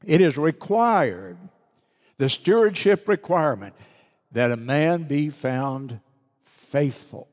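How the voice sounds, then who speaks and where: A middle-aged man pastor preaching a sermon, deliberate and repeating key phrases for emphasis. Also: a little high, expressive, big-room sound.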